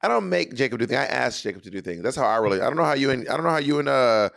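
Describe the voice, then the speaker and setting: A man in his thirties from New York co-hosting a podcast in campy, animated casual chat. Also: mid-range voice, very fast, gravelly. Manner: campy, animated storyteller, breaks into shouted stage hype. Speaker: podcast co-host.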